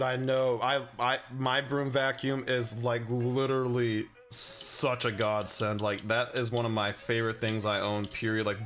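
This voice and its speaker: A man's voice: mid-range voice, a bit bright. A man livestreaming while he paints miniatures, rambling casually with lots of fillers and chuckling as he answers his chat. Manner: rambling and chatty, full of fillers and chuckles, reads chat aloud.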